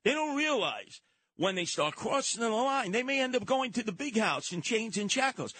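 Combative older New radio guest. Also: male voice, very high-pitched, very animated, normal speed, bright, forceful tone, dry recording. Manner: combative, theatrical storyteller. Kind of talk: talk radio debate.

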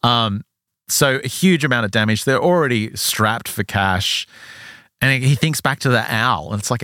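Male podcast storyteller, low voice, casual and lively, dry booth sound. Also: no echo. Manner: animated retelling with quick acted quotes. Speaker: podcast co-host telling a story.

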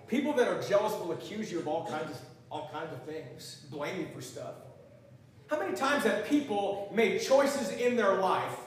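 A man's voice: high voice, a bit bright, slight background noise. Man preaching in an echoey hall. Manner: emphatic, rising and falling in volume, quotes scripture. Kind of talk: sermon. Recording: echoey hall, voice from far off the mic.

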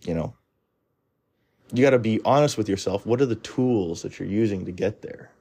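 A man's voice: lowish voice, moderate pace, gravelly, dark tone, husky. A man giving a blunt, rambling monologue of advice, full of restarts and fillers. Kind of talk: casual opinionated monologue.

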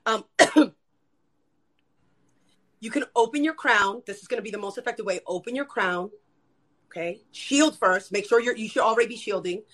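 Fast-talking high-voiced woman guest. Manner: rapid, animated, addresses viewers as "you guys". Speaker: guest, spiritual energy worker. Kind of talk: casual live-stream chat.

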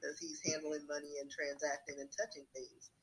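A man's voice: on the high side, completely flat delivery, normal speed, fairly bright tone, slight background noise, rough recording. A man in a casual discussion, speaking frankly in a rambling way with many fillers and asides. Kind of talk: casual chat.

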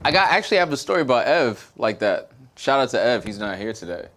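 A young man casually telling a story on a podcast, getting loud and heated as he acts out an argument. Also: medium pitch, fast talker. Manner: animated storyteller, gets loud and heated when retelling the fight.

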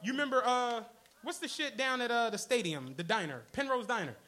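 A man spins a profane story for a live crowd, voicing each person he quotes. His voice sits very high and sounds bright and forceful. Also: brisk. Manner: animated, profane, acts out the people in his stories. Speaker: podcast co-host. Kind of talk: live storytelling before an audience. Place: stage of a comedy club.

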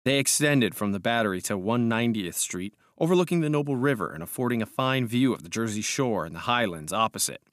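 A man narrating an audiobook in a measured, calm, steady way. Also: mid-range voice, no echo, clean studio sound. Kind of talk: scripted narration.

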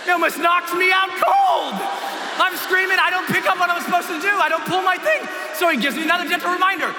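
A man giving a dramatic, expressive motivational talk on a stage in a large hall, acting out his story as he tells it. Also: extremely high pitch, fairly quick, raised voice, a loud crowd. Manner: expressive, dramatic, acts out scenes with screams. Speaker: motivational speaker. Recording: echoey hall with ambient noise.

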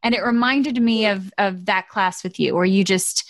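A woman's voice: mid-range voice, dry recording. A woman actor hosting a casual interview, eagerly agreeing and sharing her own audition experiences. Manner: eager, agreeable, lots of quick yeahs.

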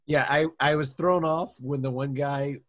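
A man's voice: a little high, steady tone, moderate pace, a bit bright. A man performing in an improv comedy podcast sketch, asking bemused, laughing questions.

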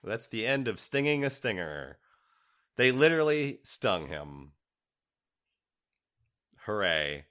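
Rambling lower-voiced podcast guy. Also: big pitch swings, slow, long pauses, a bit bright. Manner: rambling, laughs often, trails off. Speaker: podcast co-host. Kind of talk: casual chat. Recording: remote recording from home.

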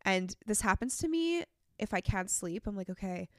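A woman's voice: medium pitch, lively intonation, normal speed, no room sound, clean studio sound. A young woman with a congested voice, telling stories in casual podcast chat as co-host. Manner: chatty, rambling storytelling.

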